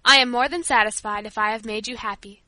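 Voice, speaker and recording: A woman's voice: on the high side, steady tone, fast talker, bright, forceful tone, no room sound. Woman voicing a repentant middle-aged father. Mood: kindly.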